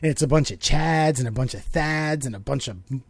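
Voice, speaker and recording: A man's voice: mid-range voice, normal speed, vocal fry, dry recording. A man, co-hosting a podcast and telling a rambling story full of swearing and restarts. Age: 30s. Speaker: podcast co-host. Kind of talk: casual chat.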